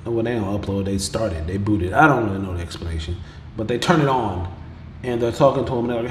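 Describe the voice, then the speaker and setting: A man's voice: fairly low pitch, fast, slight background noise. A man hosting a podcast, casually recapping an episode in slangy, profane talk and acting out the characters' lines as he goes. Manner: slangy, profane, animated retelling with quoted voices. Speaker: podcast host. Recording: roomy echo with faint background ambience.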